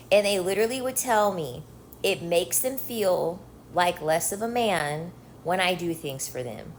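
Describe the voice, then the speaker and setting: A woman's voice: fairly low pitch, expressive, moderate pace, slight background noise. A woman giving her dating opinions in a confident, matter-of-fact, lecturing way.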